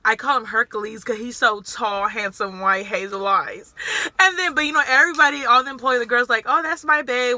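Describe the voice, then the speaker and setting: A woman's voice: fairly high pitch, bright, forceful tone. A young adult woman in casual chat who keeps jumping in with her own work stories and quotes her customers. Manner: chatty, quick to jump in, quotes customers. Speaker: guest and sandwich shop worker. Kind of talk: casual chat while eating.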